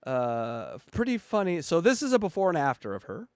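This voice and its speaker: A man's voice: a little high, wildly swooping pitch, fairly quick, heavy background noise. A man co-hosting a comedy podcast, mocking clips and laughing as he talks. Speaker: co-host.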